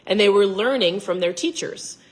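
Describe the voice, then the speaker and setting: A woman's voice: mid-range voice, moderate pace, poor audio. A middle-aged woman with a Minnesota accent, co-hosting a casual chat about faith and money. She is chatty, laughs often and loses her train of thought. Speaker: podcast co-host.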